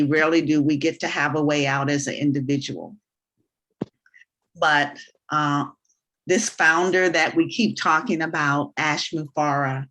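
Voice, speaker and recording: Woman talking slow n earnest on an online business call, kinda preachy. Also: low voice, fairly bright tone. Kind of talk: live online business presentation.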